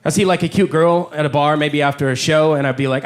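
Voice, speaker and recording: A man's voice: fairly high pitch, fairly even intonation, fast. A man from Canada doing a self-deprecating, confessional stand-up set on a comedy club stage.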